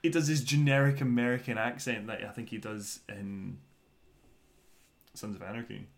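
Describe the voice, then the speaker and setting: A man's voice: on the low side, steady tone, normal speed, creaky. A man co-hosting a podcast, ranting in a sweary, opinionated way in casual chat.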